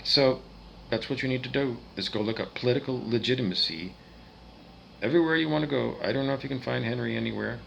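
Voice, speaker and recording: Male ranter, angry and profane, mid pitch, faint background hiss. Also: fast talker, vocal fry, rough recording. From Canada. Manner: profane, agitated ranting with swings in loudness. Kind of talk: angry rant monologue.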